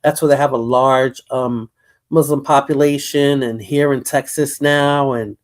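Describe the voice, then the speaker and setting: A woman's voice: rumbling low, steady tone, a little slow. A woman with a New York accent hosting a casual live stream chat, rambling and repeating words as she talks. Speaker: livestream host.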